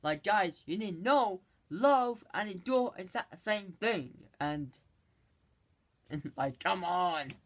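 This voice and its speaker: A movie reviewer casually recapping a film, rambling and halting, with many restarts and exasperated asides. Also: medium pitch, lively intonation, fairly bright tone.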